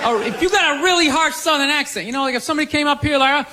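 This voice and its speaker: A man's voice: very high-pitched, expressive, a little fast, over a noisy crowd, heavy background noise. A man doing a loose, rambling, profane stand-up comedy routine.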